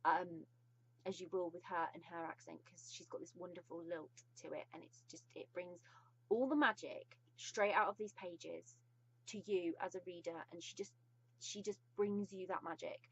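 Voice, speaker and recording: An effusive British woman talks through a casual book review in a fairly low voice, full of pauses as she gushes. The sound is dull and lo-fi, like a simple home recording. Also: steady tone, husky. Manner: gushing and effusive, with frequent pauses.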